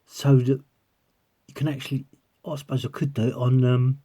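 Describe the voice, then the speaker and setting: A man vlogging about coins speaks at normal speed in a warm, medium-pitched voice with little pitch movement. He rambles casually to viewers while studying coins through a magnifier, giggling often.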